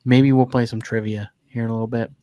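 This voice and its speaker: A young man with an American accent chatting casually as a podcast co-host, joking in a dry, deadpan way. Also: mid-range voice, fast, dull audio. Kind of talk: casual chat.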